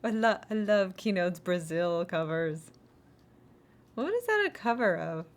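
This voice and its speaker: A woman's voice: on the low side, sing-song, unhurried. A young woman streaming and chatting casually, rambling with many restarts and little giggles. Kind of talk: casual chat.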